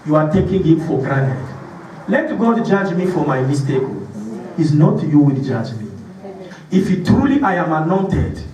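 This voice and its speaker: Pastor guy preaching, high voice swinging all over, booming hall, mic far off. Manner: animated preaching with call-and-response, laughs often. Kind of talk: sermon. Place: church hall. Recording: echoey hall, distant mic.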